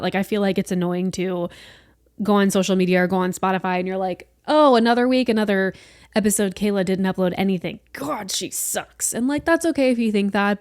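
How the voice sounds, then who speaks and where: A young woman in her twenties talks through her week on a solo podcast, chatty and rambling, quick to poke fun at herself. Her voice sits at an ordinary middle pitch. It is recorded close on a podcast mic in a dry room with no echo. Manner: chatty, rambling, self-deprecating. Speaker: podcast host. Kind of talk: casual solo podcast chat. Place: small room at home.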